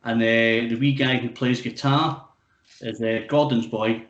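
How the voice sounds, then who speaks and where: A man's voice: medium pitch, steady tone, measured pace, dull audio. Scottish guy in his 50s hosting, rambling on with "you know" every other line, roomy echo on the mic. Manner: rambling, swears freely, repeats "you know". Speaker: podcast host. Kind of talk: casual chat.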